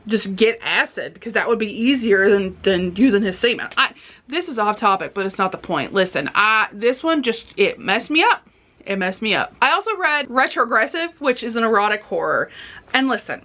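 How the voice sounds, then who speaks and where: A woman's voice: a little high, sharp tone. A woman giving a casual book review vlog, talking bluntly and animatedly about explicit content.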